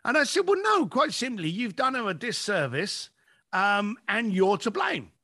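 A man's voice: high-pitched, very animated, moderate pace, bright, forceful tone. A man, a business coach telling stories in a podcast conversation and acting out his clients' lines.

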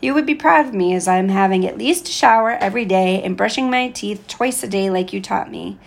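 Gravelly woman reading an audiobook. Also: mid-range voice, brisk, a little hiss or hum. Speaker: audiobook reader. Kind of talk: first-person audiobook narration.

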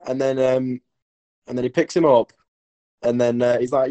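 A man's voice: medium pitch, little pitch movement, moderate pace, pauses often, mellow, dull audio. A young man co-hosting a podcast, telling a rambling comic story with lots of giggles. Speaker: podcast co-host.

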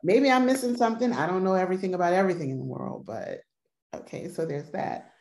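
A woman's voice: fairly low pitch, animated, fast talker, darkish tone, rough recording. A woman, a podcast co-host, chatting casually and expressively, with laughs and swearing. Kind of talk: casual chat.

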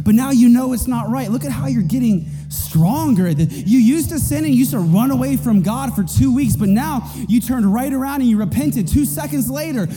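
A man voicing the Holy Spirit as a gentle, encouraging male presence, in a reverberant hall with faint music. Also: very high voice, voice pushed up. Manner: tender, reassuring.

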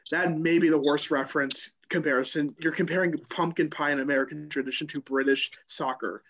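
Man, slightly high voice, quick teasing sports chat. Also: steady tone, fairly bright tone, rough recording. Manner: quick, teasing, restarts lines. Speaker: sports podcast co-host. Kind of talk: casual sports banter.

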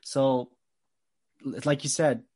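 A man's voice: mid-range voice, fairly even intonation, takes it slowly, a little mellow. A man co-hosting a casual sports chat, telling stories with animation and laughing often. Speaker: podcast co-host.

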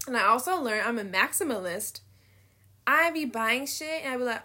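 Bright-voiced young woman rambling candidly. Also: on the high side, normal speed. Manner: rambling, candid, frequent swearing and laughter. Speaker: vlogger. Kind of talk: casual confessional monologue.

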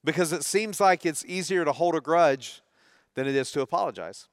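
A man's voice: a little high, normal speed, no room sound, clean studio sound. A middle-aged man preaching a sermon, talking conversationally and putting questions to his audience. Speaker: pastor.

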